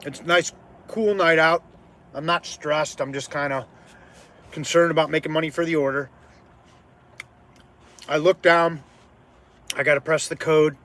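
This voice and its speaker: A man tells a personal story in a loose, casual way. He swings between quiet asides and heated, swearing bursts, and his voice sits on the higher side for a man. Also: normal speed, pauses often. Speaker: podcast host.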